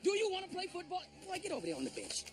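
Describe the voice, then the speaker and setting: Harsh yelling football coach in a film scene, high strained voice, far off over loud music. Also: male voice, wildly swooping pitch, rapid-fire, heavily acted. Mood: furious. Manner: barking, yelling. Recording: film clip with loud music, distant mic.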